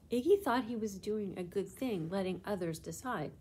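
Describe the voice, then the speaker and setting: A children's librarian reading a storybook aloud in a library children's room, in clear, steady storytelling. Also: female voice, medium pitch, moderate pace, a little hiss or hum. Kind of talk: children's book read-aloud.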